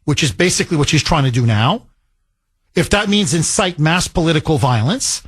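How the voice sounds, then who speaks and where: Husky, heated male talk radio host. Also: fairly high pitch, lively intonation, moderate pace, a bit bright, no echo. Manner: heated, emphatic, repetitive. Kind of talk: opinionated political talk radio.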